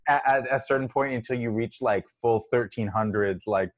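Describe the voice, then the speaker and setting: A man's voice: medium pitch, normal speed. A man co-hosting a podcast in casual chat, jokey and rambling with many fillers. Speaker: podcast co-host.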